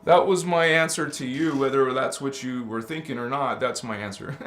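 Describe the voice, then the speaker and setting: A man's voice: mid-range voice, normal speed, a bit bright, a little hiss or hum. A man hosting a casual spiritual livestream, talking emphatically, calling listeners honey and baby, laughing often and reading out chat. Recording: roomy echo.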